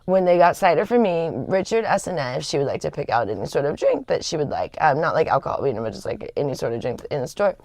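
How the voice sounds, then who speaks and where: A woman's voice: deep voice, big pitch swings, fast, few pauses, a little mellow, no room sound. A woman chatting casually on a livestream, rambling with lots of fillers and laughter. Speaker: livestream host. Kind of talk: casual chat.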